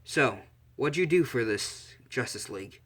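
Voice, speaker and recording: A man's voice: mid-range voice, animated, a little slow, fairly bright tone, breathy edge. A man voicing a laid-back male teacher. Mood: curious. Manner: questioning, offhand.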